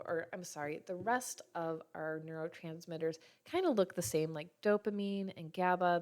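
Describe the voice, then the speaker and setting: A health practitioner in her thirties gives a casual teaching talk on nutrition and brain health, making small slips and correcting herself. Her voice is low-pitched and a little mellow.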